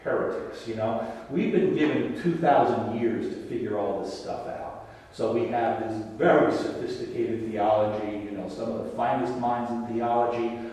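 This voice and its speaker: A man's voice: mid-range voice, steady tone, normal speed, warm tone. A man giving an informal religious class, rambling and conversational with many restarts. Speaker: catechism teacher. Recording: echoey hall, voice from far off.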